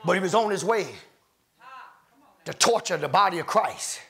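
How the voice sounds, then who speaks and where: High gravelly-voiced fervent preacher man. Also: moderate pace. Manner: fervent call-and-response preaching, breaks into laughs, swells to shouts. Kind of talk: sermon. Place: church sanctuary.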